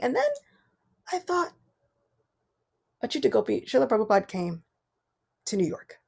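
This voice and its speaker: Animated woman giving a devotional class. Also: medium pitch, brisk, gravelly, long pauses, slightly rough. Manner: animated storytelling, swings between soft and loud. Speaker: class speaker. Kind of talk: devotional morning class talk.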